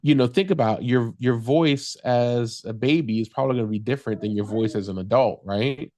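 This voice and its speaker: A man's voice: mid-range voice, a little fast, mellow, dry recording. A man who is a tech consultant guest on a podcast, explaining things step by step in casual chat and laughing easily.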